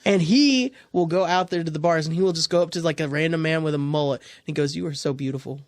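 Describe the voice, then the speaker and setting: A young man co-hosting a podcast as a guest comedian, chatting in a crude, playful and excitable way. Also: on the high side, fast. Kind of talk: casual chat. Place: podcast studio.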